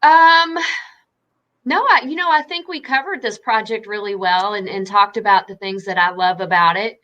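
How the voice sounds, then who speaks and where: A woman's voice: mid-range voice, normal speed, lo-fi sound. A woman from Southern Indiana with a Southern Indiana accent, a guest chatting easily with lots of laughs and fillers. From Southern Indiana, United States. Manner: giggly, easygoing, many fillers. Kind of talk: casual chat.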